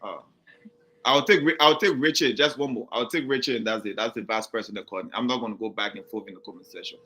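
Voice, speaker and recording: A man hosting a live call-in talk show, firm and repeating himself to calm callers. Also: mid-range voice, fast talker.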